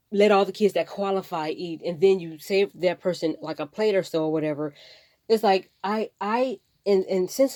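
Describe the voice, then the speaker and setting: Woman vlogger, low-ish voice, emotional and rambling, holding back tears, dry close sound. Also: mellow, dry recording. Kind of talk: emotional personal vlog.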